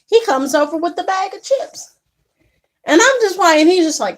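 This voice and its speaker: A young woman casually telling an indignant story to camera, animated and quick to act out what others said. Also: very high-pitched. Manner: animated, indignant retelling with acted quotes. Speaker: vlogger.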